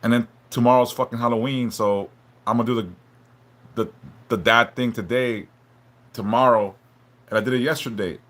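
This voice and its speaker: A man hosting a live stream, talking haltingly and emotionally, stumbling and repeating words, swearing a lot and apologizing for opening up. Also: mid-range voice, fairly even intonation, fairly bright tone. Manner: apologetic and openly vulnerable. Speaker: livestream host reading chat.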